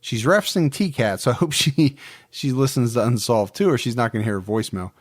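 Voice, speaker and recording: Man, podcast host, casual chat, mid pitch, dry close sound. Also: a little fast, no room sound. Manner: relaxed, chatty, fond of the listeners.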